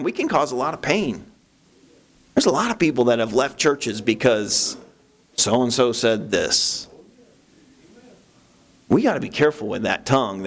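A man preaching a sermon as pastor, talking conversationally with restarts and jumping into a high voice to act out his own thoughts. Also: vocal fry. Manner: animated, acts out his own inner voice in sudden high bursts; conversational, with frequent restarts and "you know".

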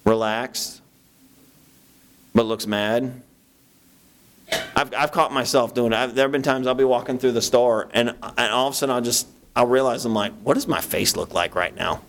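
Animated male pastor preaching conversationally. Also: moderate pace, long pauses. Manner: animated, acts out his own inner voice in sudden high bursts; conversational, with frequent restarts and "you know". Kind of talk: sermon.

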